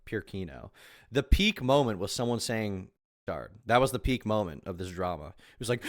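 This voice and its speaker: Sarcastic low-voiced male streamer. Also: animated, normal speed. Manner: sarcastic, crude, mocking. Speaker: streamer reacting to a video. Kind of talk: live reaction commentary.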